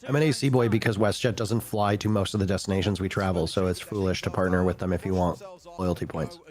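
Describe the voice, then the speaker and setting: A man's voice: low voice, steady tone, fast, a little mellow. A Canadian man co-hosting a casual esports reaction stream, joking and ranting in loose banter. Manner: joking, ranting, acts out quoted phone calls. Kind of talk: casual chat.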